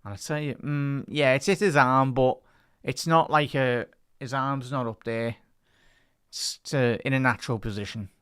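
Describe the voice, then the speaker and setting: A man's voice: medium pitch, steady tone, normal speed, a bit bright, clean tone, no room sound, clean studio sound. A man doing live football commentary on a stream, chatting with his viewers between bursts of play-by-play that lift on attacks. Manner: rises and speeds up on attacking moves. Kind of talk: casual live match commentary.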